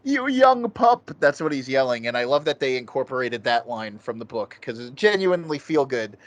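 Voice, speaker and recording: A man in casual conversation as a podcast co-host, his talk loose and peppered with swearing. His voice sits at an ordinary pitch and is recorded close and dry, with no room sound. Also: fairly quick, no echo. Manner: swears freely, loose rambling delivery. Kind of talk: casual film review chat.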